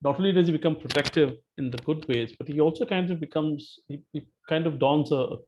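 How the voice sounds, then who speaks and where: A man's voice: on the high side, brisk, a little hiss or hum. Man talking over a muffled call. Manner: animated, emphatic, frequent restarts. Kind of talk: casual group discussion. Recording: muffled online call audio.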